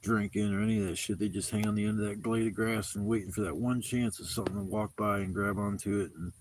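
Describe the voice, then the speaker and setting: A man's voice: fairly low pitch, fairly even intonation, fast, slight background noise. A man livestreaming from his outdoor campsite, telling rambling, profanity-laced stories in a casual way. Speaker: camping livestreamer.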